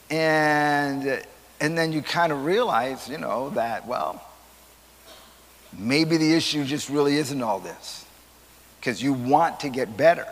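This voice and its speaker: A man's voice: mid-range voice, a bit bright. A male pastor leading a Sunday school lesson in a conversational preaching manner, calling on class members by name. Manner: conversational preaching, calls on listeners. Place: church. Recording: long hall reverb.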